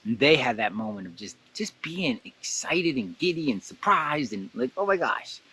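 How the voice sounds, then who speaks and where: A man hosting a casual guided blessing exercise, animated and laughing often, jumping into excited high voices when he quotes someone. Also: normal speed, a little hiss or hum. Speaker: host guiding a blessing exercise. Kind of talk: casual guided meditation talk.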